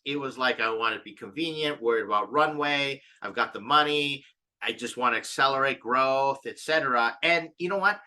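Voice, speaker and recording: A man's voice: medium pitch, pushed and bright. A man who advises startup founders, explaining a decision technique in a coaching way and acting out the questions he asks himself. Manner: coaching, stops to reflect, acts out inner questions. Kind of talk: explaining to camera.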